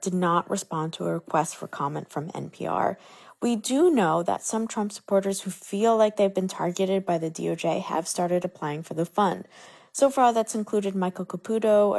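A woman reporter with a low, gravelly voice delivers a scripted radio news report. She moves briskly through the facts. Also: a little mellow.

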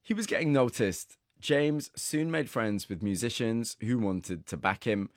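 A man narrating a documentary piece and asking interview questions in a measured way. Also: medium pitch, animated, dry recording, studio quality. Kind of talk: scripted narration.

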